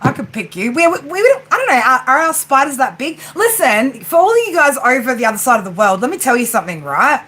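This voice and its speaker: A woman's voice: high-pitched, fast, few pauses, husky, rough recording. An Australian woman in her forties chatting casually on a livestream as a tarot reader, joking and tagging her sentences with "right?". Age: 40s. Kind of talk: casual live-stream chat. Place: room with a flat roof. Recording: steady rain drumming behind her. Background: rain on the roof.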